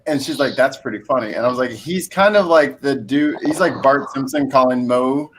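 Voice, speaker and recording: A man's voice: mid-range voice, moderate pace, noisy background. A man telling a rambling story in a casual chat, slipping into voices. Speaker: guest.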